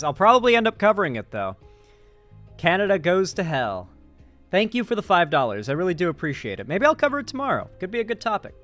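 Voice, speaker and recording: A man's voice: a little high, fairly bright tone. A young man hosting a political stream, reading chat and rambling casually with restarts.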